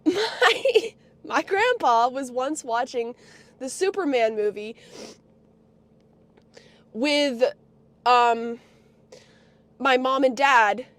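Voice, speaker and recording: Very high-voiced, foul-mouthed ranting woman. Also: expressive, very slow, long pauses. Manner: foul-mouthed, angry, swings into shouting. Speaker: guest on a live stream. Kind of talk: profane ranting rant-story.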